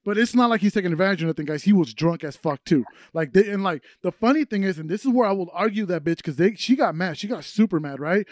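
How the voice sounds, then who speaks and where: A man's voice: high-pitched, expressive, fairly quick, darkish tone, dry recording, clean studio sound. A man co-hosting a podcast, telling crude stories with constant swearing and laughter. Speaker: podcast co-host. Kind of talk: crude casual storytelling.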